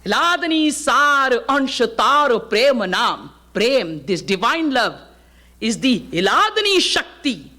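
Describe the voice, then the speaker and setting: A woman preacher from Fiji gives a devotional sermon with a bright, forceful voice. Her pitch swings widely as she tells parables and chants Sanskrit verses. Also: slow. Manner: animated storytelling with Sanskrit verse recitation. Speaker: spiritual preacher. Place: live talk to an audience.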